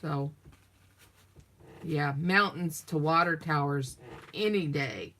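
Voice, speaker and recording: A woman's voice: low-pitched, slow, sharp tone. A middle-aged woman from the Southern United States, chatting and rambling to viewers while she works on a craft project. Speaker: craft vlogger. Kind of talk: casual chat while crafting.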